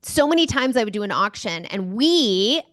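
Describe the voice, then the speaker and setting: A woman guest on an interview show, answering questions as an enthusiastic, animated storyteller. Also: mid-range voice, normal speed, no room sound, studio quality. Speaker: guest speaker. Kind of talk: conversational interview.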